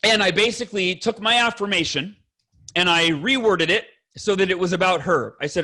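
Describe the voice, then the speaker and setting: A man's voice: high voice, moderate pace, sharp tone, rough recording. A man speaking as a guest on a podcast, earnest and emphatic, talking bluntly with fellow fathers and swearing now and then. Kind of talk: candid podcast conversation.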